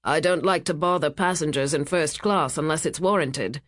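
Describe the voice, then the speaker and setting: Middle-aged male ship captain, read by a woman, curt and officious, low and dry. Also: moderate pace, no room sound, close to an everyday voice.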